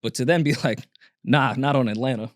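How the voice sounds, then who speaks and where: A man's voice: mid-range voice, brisk, no echo, clean studio sound. A man co-hosting a podcast, playing devil's advocate with wry jokes. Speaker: podcast co-host. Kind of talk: casual podcast chat.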